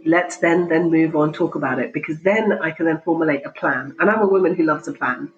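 Jovial animated woman, dull lo-fi audio. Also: low voice, brisk, slight background noise. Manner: jovial, animated, laughs often. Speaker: GP, interview guest. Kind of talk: conversational interview.

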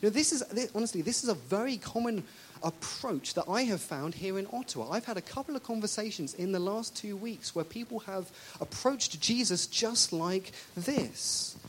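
A preacher delivers a sermon in a lively, conversational way, turning often to the congregation with questions. Quoted speakers get acted out with big jumps in pitch and loudness. A faint hiss sits under the voice. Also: moderate pace. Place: church service.

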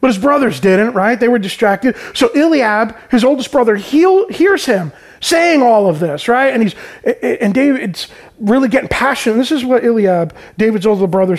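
High-voiced man preaching casually. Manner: informal, peppered with "right?" and "man"; explains scripture in everyday terms. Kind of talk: conversational sermon.

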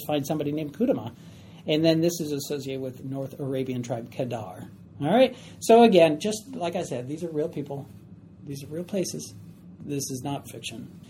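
A woman's voice: deep voice, warm tone, a little hiss or hum. A woman teaching a Bible study class, emphatic and often questioning her group.

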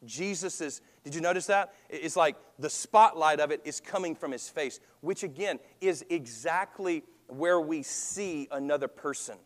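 Higher-voiced pastor preaching in a reverberant hall. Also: male voice, normal speed, few pauses. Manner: conversational, asks the congregation questions. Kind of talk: sermon.

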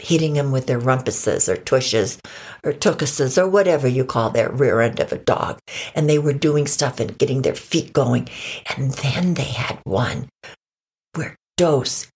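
A woman improvising a children's story, voicing the characters with big jumps in pitch and dropping into whispers. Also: expressive, measured pace, a little mellow, husky.

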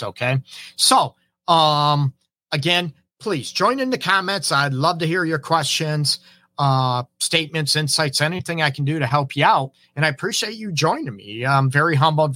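A middle-aged man, a relationship counselor, hosting an advice talk while hoarse from a cold, earnestly checking in with his listeners. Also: mid-range voice, pushed and bright, no room sound. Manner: earnest, keeps asking "right?" and "okay?". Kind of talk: live-streamed advice talk.

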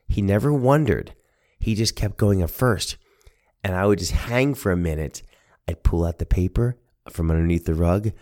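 Deep-voiced man telling a family story. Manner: earnest, animated, acts out voices. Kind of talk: personal storytelling podcast.

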